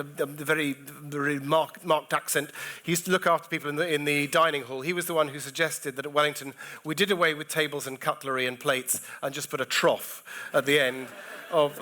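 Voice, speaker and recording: Bright-voiced man telling lively stories. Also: on the high side. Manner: restless, jumps between thoughts with many restarts. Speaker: comedian speaking at an education festival. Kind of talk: keynote talk and anecdotes.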